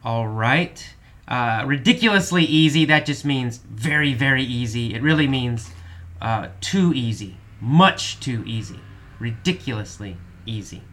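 A man teaching English vocabulary, explaining each word slowly and repeating it in simple terms. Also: mid-range voice, lively intonation, fairly bright tone. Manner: slow, repetitive explaining. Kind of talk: vocabulary lesson.

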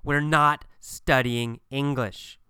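A man's voice: mid-range voice, fairly even intonation, slow, pushed and bright, smooth, no room sound, clean studio sound. A man voicing a brusque young man who bluntly refuses. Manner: blunt and curt.

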